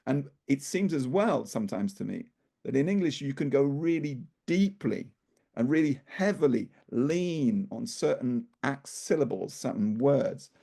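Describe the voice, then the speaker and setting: A man's voice: medium pitch, animated, a little slow, vocal fry, warm tone, husky. A man working as a speaking coach, explaining ideas thoughtfully, restarting phrases and leaning hard on stressed syllables. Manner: leans heavily on stressed syllables for emphasis. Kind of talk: conversational explanation.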